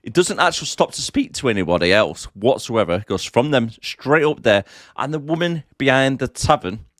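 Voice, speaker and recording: A man co-hosts a casual film podcast and mocks what he watched with dry, sweary sarcasm. His voice sits at a middle pitch. The sound is close and dry. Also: expressive, fairly quick, a bit bright, no room sound. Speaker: podcast co-host. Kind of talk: casual film-review chat.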